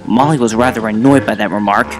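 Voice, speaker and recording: A man narrating a children's storybook in an even storytelling manner. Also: on the low side, fast talker. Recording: narration with music bed.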